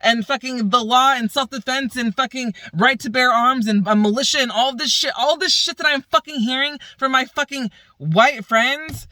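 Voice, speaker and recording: A woman's voice: high voice, moderate pace, few pauses, bright, forceful tone, no room sound. A woman vlogging outdoors as a law student, ranting in exasperation with heavy profanity and repeated emphasis. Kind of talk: ranting vlog. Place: outdoors, by a path.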